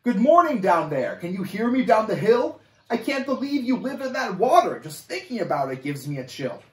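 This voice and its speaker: A man's voice: medium pitch, expressive, fairly quick, close to an everyday voice. A man voicing an old wishing tree that calls out in sing-song rhyme. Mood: calling out. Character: grand rhyming wishing tree, male, ancient. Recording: echoey room, voice off-mic.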